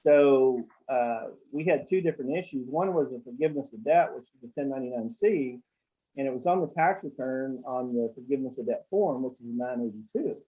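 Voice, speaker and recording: A man's voice: medium pitch, fairly quick, mellow, breathy edge, low-quality recording. A man who works as an accountant, telling blunt, salty stories in rambling casual talk on a call. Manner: rambling, with many fillers and restarts. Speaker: accountant guest.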